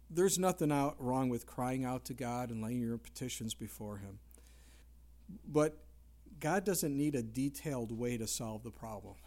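A middle-aged man preaching a conversational sermon, dropping to hushed tones and rising into loud dramatic quotes. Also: mid-range voice. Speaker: pastor.

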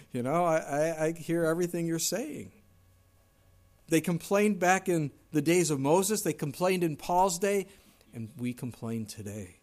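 A man's voice: fairly high pitch, measured pace, long pauses, darkish tone. A middle-aged man preaching a sermon in a conversational way, now and then acting out whiny complaints in a raised voice. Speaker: pastor.

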